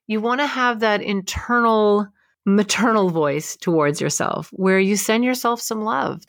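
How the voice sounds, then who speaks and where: A woman's voice: medium pitch, a bit bright, dry recording. Woman cohost chatting advice, laughs a lot, dry close mic. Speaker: co-host giving emotional advice. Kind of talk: casual advice chat.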